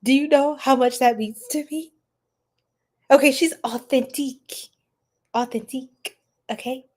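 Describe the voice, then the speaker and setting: A bubbly, giggly woman hosting a tarot livestream, chatting with viewers, laughing often and gasping with excitement. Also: high-pitched, a little slow. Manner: gasps and squeals with excitement. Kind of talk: live chat with viewers.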